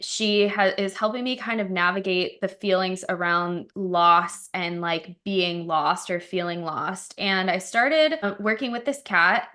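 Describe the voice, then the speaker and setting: A woman's voice: fairly low pitch, a little slow, few pauses, pushed and bright. A woman co-hosting a casual podcast chat, telling stories in a chatty way with lots of "like" fillers. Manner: chatty storytelling with frequent "like" fillers. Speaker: podcast co-host.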